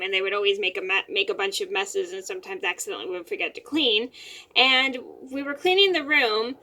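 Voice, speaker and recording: A young woman with a bright, sharp voice pitched a little high tells a story to camera from her bedroom. She rambles, repeats words and restarts phrases, with plenty of fillers as she goes. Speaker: vlogger.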